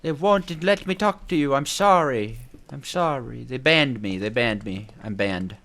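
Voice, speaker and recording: A man's voice: mid-range voice, measured pace. A young man giving casual gameplay commentary, rambling and talking to himself as he plays. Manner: animated, rambling, talks to himself. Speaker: gameplay YouTuber.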